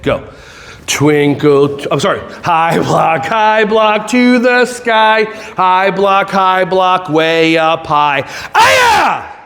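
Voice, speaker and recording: Keynote speaker, male, bright high voice, playful, loud crowd-rallying delivery. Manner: animated, jokey, sings and shouts along with the crowd. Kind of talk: energetic keynote talk with audience participation.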